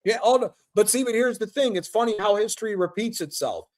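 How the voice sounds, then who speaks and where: A high-pitched man holds forth on a casual football chat stream. He rants with lots of swearing and slips into mocking impressions of the people he complains about. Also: fairly quick. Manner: profane, animated ranting with mocking impressions. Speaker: host.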